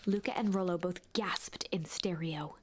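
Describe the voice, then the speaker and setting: A woman narrating a storybook game in a hushed, measured way that drops to a whisper at tense moments. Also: on the low side, a little hiss or hum. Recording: game narration over loud music.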